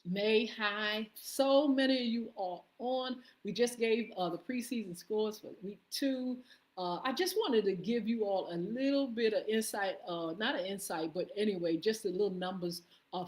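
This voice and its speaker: A woman's voice: mid-range voice, moderate pace. A woman hosting a live morning show stream, casually greeting viewers by name with lots of "uh" fillers and an upbeat, friendly manner.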